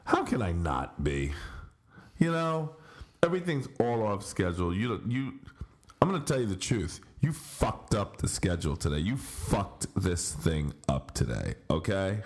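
A man's voice: deep voice, very animated, unhurried. A middle-aged man hosting a podcast in casual chat, grumbling in mock aggravation. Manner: grumbling, mock-aggravated, sing-song greetings. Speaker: podcast host. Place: home studio in Barcelona.

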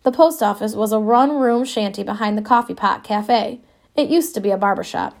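A woman's voice: mid-range voice, brisk, gravelly. A woman reading an audiobook in the first person, with a wistful, wry storytelling manner. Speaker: audiobook narrator. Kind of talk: scripted first-person narration.

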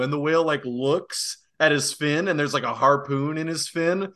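A young man co-hosting a casual podcast, animated and profane, laughing often and mimicking voices. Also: fairly high pitch, a little fast, few pauses. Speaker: podcast co-host.

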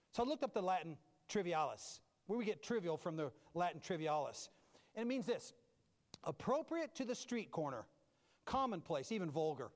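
A man preaching a humorous sermon as a pastor, animated and self-mocking, moving from loud bursts to low asides. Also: normal speed, in a large hall.

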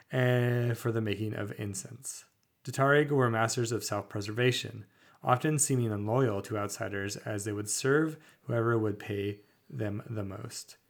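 A man co-hosting a tabletop podcast, reading fantasy lore aloud at a measured, slightly halting pace. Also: medium pitch, gravelly. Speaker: podcast co-host.

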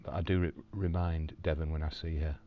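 A man recording a personal video diary from his hospital room, telling a story calmly with dry, wry humour. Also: very deep voice, a little fast, lo-fi sound, slight background noise. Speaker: video diarist in hospital recovery.

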